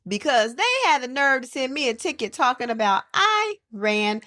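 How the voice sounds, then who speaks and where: A woman co-hosting a podcast in casual chat, telling a story with animated quotes of other people. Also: sits high, normal speed, dry recording, studio quality. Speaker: podcast co-host.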